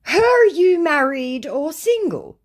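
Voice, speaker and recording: A woman voicing a pushy, dim male romance scammer in a slow, high, exaggerated way. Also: big pitch swings, exaggerated voice.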